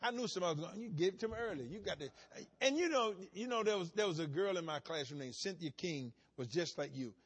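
Husky guy preaching, kinda high voice, goes quiet then suddenly shouts. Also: expressive, fast, hardly any pauses. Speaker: pastor. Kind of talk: sermon.

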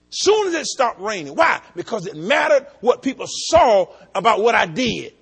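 A middle-aged man preaching a sermon, telling folksy stories and rising from low asides to shouted climaxes. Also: husky. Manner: folksy storytelling, talks to the congregation directly. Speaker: pastor.

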